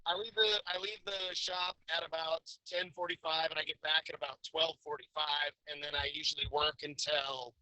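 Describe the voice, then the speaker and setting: A laid-back man talks on a live show from his car. His voice is very bright and a little high, with a dry close sound. A glitchy connection gives it a robotic edge. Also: level tone, moderate pace, hardly any pauses, no room sound, poor audio. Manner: laid-back, joking, repeats words at starts. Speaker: guest. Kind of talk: casual chat. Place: in a vehicle on a weak connection.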